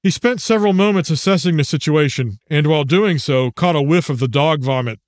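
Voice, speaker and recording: Author-narrator, male, slightly high voice, measured audiobook read, dry booth. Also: dry recording. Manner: measured, even storytelling.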